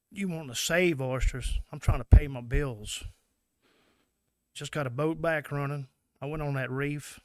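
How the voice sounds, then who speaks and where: A man's voice: on the high side, smooth, no echo. A man from Mississippi with a Southern US accent, an oyster fisherman giving an angry, emotional public comment at a meeting.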